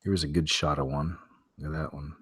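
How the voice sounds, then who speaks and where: A man's voice: extremely low pitch, little pitch movement, fairly quick, a bit bright, slightly rough, no room sound. A man hosting a weekly strange-news show from home, talking casually and rambling through stories with many fillers and restarts.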